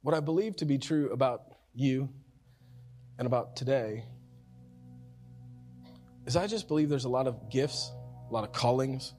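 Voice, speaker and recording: A man preaching a sermon as pastor, talking conversationally, repeating and restarting phrases, with swings from loud and urgent to soft and quiet. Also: medium pitch, normal speed, pauses often, faint music behind.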